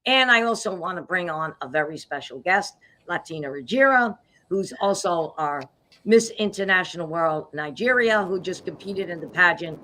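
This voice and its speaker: Female host, lower register, bright tone; upbeat, promotional delivery over a video call. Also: expressive. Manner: upbeat, promotional, spells out web addresses slowly. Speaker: host and pageant CEO. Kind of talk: live-streamed show hosting.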